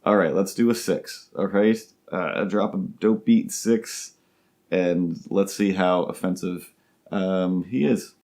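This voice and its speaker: A man's voice: deep voice, takes it slowly, a little mellow, a little hiss or hum. A man hosting a comedy podcast alone, talking in a rambling, goofy way that keeps interrupting itself. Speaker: host. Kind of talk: comedic solo podcast monologue.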